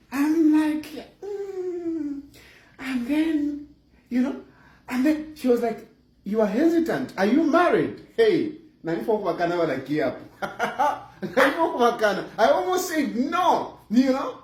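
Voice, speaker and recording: A middle-aged Zambian man with a Zambian accent telling a comic personal story, animated and chuckling, with lots of fillers. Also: very high voice. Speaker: vlogger. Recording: roomy echo.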